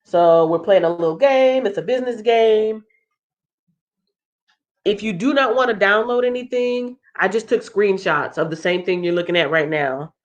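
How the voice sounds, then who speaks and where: A woman's voice: mid-range voice, moderate pace. A woman hosting a casual livestream walkthrough. She sounds congested and thinks aloud in a chatty way. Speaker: livestream host.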